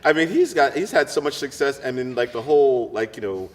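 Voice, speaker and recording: A man interviewing a guest, asking halting questions full of fillers. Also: medium pitch, very animated, long reverb tail, over a noisy crowd.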